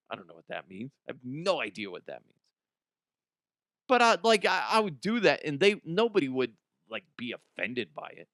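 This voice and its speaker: A man who is a radio host, telling a casual comedic story, animated, swearing and laughing as he talks. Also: a little high, moderate pace, dry recording, studio quality. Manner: animated, swearing, laughs often, slips into voices.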